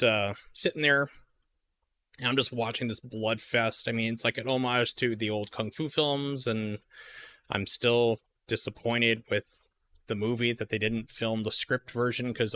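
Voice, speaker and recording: Bright and forceful in tone, this mid-range male voice belongs to a man in his forties chatting while he streams a game. He rambles through a lengthy story, restarting often and leaning on plenty of uhs and other fillers.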